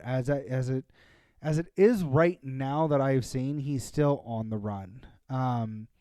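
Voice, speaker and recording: A man's voice: mid-range voice, darkish tone, clear, resonant tone, no room sound. A man co-hosting a podcast, chatting casually in a rambling way with many fillers and restarts. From Pennsylvania, USA. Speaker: podcast co-host. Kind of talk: casual chat.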